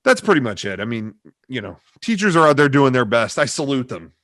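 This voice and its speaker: Man, middle-aged, interview guest, hedging and rambling, bright edge, dry close sound. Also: mid-range voice, very animated, fairly quick, dry recording. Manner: rambling, hedging, many "you know" fillers. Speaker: interview guest, comedy video creator. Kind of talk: casual video-call interview. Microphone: desk microphone on a cable.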